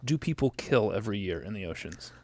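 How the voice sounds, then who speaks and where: A man's voice: fairly low pitch, animated, brisk, darkish tone, no echo. A man hosting a radio interview, asking questions in a conversational way with hesitant fillers. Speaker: radio host.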